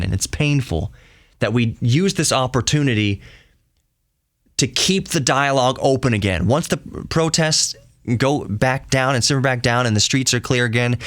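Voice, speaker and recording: A man's voice: mid-range voice, animated, normal speed, fairly bright tone, no echo. A man hosting a podcast, talking in an earnest and heated solo monologue, often repeating and restarting his phrases. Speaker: podcast host.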